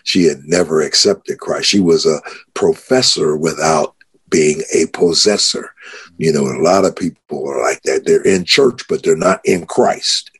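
A man's voice: measured pace, breathy edge. A man, a pastor, telling the story of his conversion in a podcast interview, getting more and more worked up as he goes. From United States. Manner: grows excited, pitch rising as he retells shouting.

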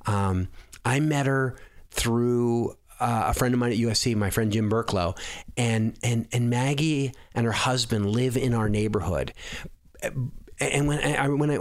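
Low-voiced earnest male podcast host. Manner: rambling, filler-heavy, earnest. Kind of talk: casual podcast monologue.

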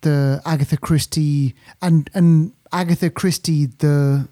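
A man's voice: on the high side, fairly even intonation, measured pace, mellow, dry recording, clean studio sound. A man co-hosting a podcast, chatting casually about a film with lots of fillers and restarts. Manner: rambling, full of fillers and restarts. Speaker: podcast co-host. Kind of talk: casual film review chat.

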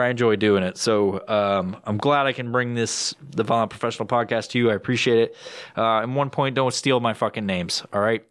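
A young man rants into his home podcast microphone, swearing nearly every sentence and doubling back mid-thought. His voice sits at an ordinary middle pitch for a man, jumping high when he acts out his own frustration. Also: no echo, studio quality. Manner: profane, rambling, swears constantly; jumps into high excited voice when quoting himself. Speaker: podcast host. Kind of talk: casual solo podcast rant. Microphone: podcast microphone with headphones.

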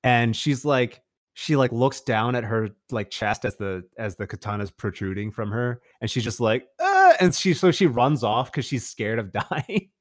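Casual male co-host, mid-pitched, eager and rambling, dry close mic. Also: moderate pace, no room sound. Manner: rambling and enthusiastic, many restarts and "like"s. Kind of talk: casual chat.

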